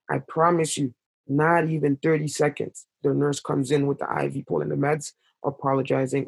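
A man's voice: flat delivery, normal speed, vocal fry, husky. A young man from Canada telling a painful story as a podcast guest, impassioned and full of fillers. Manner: impassioned, rises in pitch when upset, many fillers. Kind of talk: emotional storytelling in conversation.

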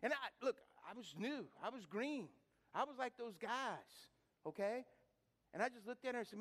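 High-voiced, lively middle-aged male preacher. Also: moderate pace, breathy edge. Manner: lively, humorous, rhetorical questions to the congregation; repeats words and restarts while building stories. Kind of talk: sermon with storytelling.

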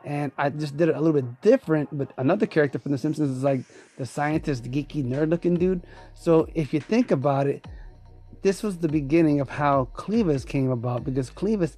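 A man's voice: on the high side, warm tone. A man hosting his own podcast, telling a story in a rambling, casual way with frequent laughs and swearing. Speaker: podcast host.

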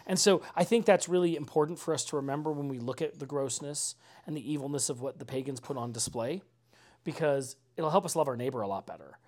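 Conversational pastor, casual sermon delivery. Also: male voice, a little high, fast talker, a little mellow. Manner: conversational, peppered with "like" and "right?"; earnest, with dry mocking asides. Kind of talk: informal sermon.

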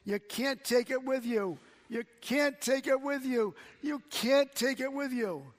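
Man playing excited evangelist, high shouting, long reverb. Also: moderate pace, creaky. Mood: yelling. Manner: shouting, repetitive. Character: excited adult male evangelist yelling.

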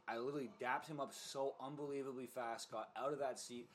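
Young male podcast co-host, mid-pitch, loose profane storyteller. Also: brisk, few pauses, a little hiss or hum. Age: young adult. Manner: animated, profane storytelling with lots of fillers. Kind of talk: casual storytelling chat.

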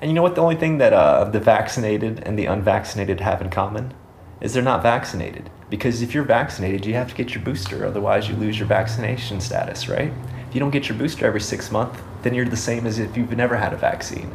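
A man's voice: lowish voice, fast talker, gravelly, slight background noise. An American man in casual podcast chat, opinionated and ranting, swearing freely. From United States.

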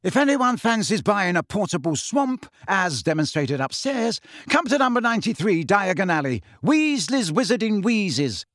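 A fearless teenage prankster speaks bold and jaunty, pitched well above the reader's own voice, as a man reads him in a storybook. The lines come loud and lively. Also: normal speed, hardly any pauses, no echo, studio quality. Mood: cheeky.

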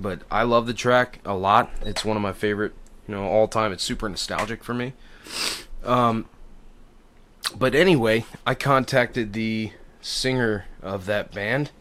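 A man's voice: fairly low pitch, fairly even intonation, moderate pace, a bit bright, slight background noise. A young adult man hosting a podcast in casual chat, rambling and laid-back, swearing now and then. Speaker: podcast host.

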